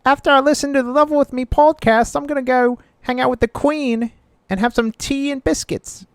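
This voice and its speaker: A man's voice: steady tone, fairly quick, clean tone. A man putting on an exaggerated British accent as a jokey mock Englishman. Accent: put-on British. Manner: high cartoonish parody voice.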